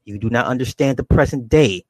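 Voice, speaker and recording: A man reading the lines of a woman clairvoyant in a trance, in slow, measured pronouncements. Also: mid-range voice, dry recording, lightly acted. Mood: solemn.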